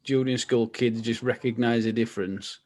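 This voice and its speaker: Quiet man, a podcast co-host listening. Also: medium pitch, steady tone, normal speed. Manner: listens, brief quiet replies. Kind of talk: casual chat.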